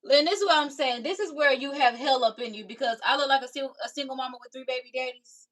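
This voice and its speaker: A young woman reacts to viewer comments on her live stream, chatting casually and sassily and talking back to commenters. Her high, raspy voice is a bit bright, and she talks fast.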